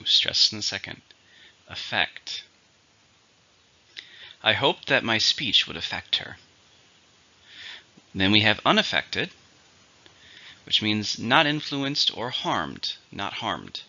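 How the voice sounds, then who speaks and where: A man's voice: on the low side, sharp tone. A man teaching an English vocabulary lesson, going methodically through each word's syllables and stress. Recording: dull lo-fi recording.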